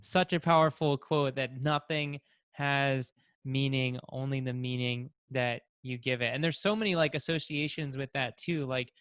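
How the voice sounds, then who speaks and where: A man hosting a podcast interview, enthusiastic and quick to laugh, with lots of "like" in his talk. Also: medium pitch, fairly even intonation, fairly bright tone, clear, resonant tone, no room sound, studio quality. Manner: enthusiastic, laughs often, fills with "like". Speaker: podcast host.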